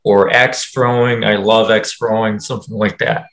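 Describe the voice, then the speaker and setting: A man co-hosting a casual podcast, asking questions calmly. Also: lowish voice, moderate pace, gravelly, echoey room, low-quality recording. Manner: calm, asks questions. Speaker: co-host.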